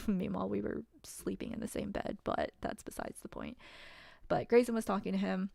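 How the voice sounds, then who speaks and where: A woman's voice: mid-range voice, expressive, moderate pace, vocal fry, dark tone, dry recording, clean studio sound. A woman telling a personal story in a casual, wry way, full of fillers. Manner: chatty, wry, many fillers and laughs.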